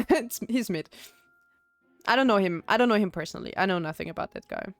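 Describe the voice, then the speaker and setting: A woman's voice: mid-range voice, animated, fairly quick, vocal fry, dry recording, faint music behind. A young woman with an Austrian German accent, chatting casually on a live stream, rambling with restarts and frequent giggles.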